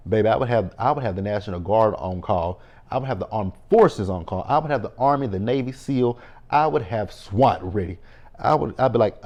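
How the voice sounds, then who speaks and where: Low-voiced man cussing through a show recap. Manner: animated, profane, quick to mock in exaggerated reactions. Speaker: TV recap host. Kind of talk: casual episode recap.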